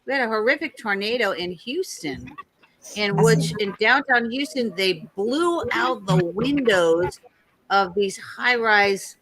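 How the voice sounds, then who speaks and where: A woman hosts a casual online talk show, her voice bright and forward. She talks in a chatty way, spinning long stories and acting out the people in them. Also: medium pitch, takes it slowly, low-quality recording. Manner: chatty, storytelling, quotes others in lively voices.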